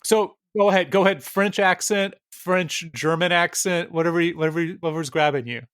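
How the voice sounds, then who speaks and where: A man co-hosting a casual film podcast, often pausing on filler words and restarting his sentences. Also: on the high side, a bit bright, clear, resonant tone, no echo, clean studio sound. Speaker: podcast co-host.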